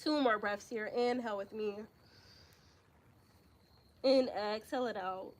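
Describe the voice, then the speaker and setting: A young woman yoga instructor, slightly out of breath, giving calm breathing cues with casual slang asides. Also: medium pitch, a little slow. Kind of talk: live yoga class instruction.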